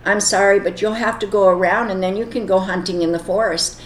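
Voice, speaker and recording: Woman voicing a soft-spoken, polite young servant boy. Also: medium pitch, steady tone, fairly quick, a little hiss or hum, close to an everyday voice. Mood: polite, firm. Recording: echoey room.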